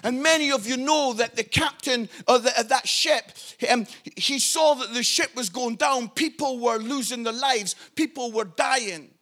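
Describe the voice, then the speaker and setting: A man preaching a passionate sermon as pastor, building to shouted appeals. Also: very high voice, measured pace, few pauses.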